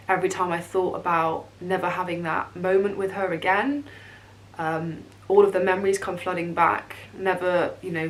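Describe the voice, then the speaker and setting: A young woman telling a personal story on her vlog, emotional and halting, close to tears. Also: on the low side. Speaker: vlogger.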